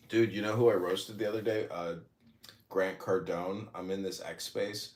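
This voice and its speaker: A man's voice: fairly low pitch, steady tone, slow pace, darkish tone. A man hosting a podcast, telling rambling, boastful stories and laughing at his own jokes. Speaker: podcast host. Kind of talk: casual chat, storytelling. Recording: roomy echoey audio.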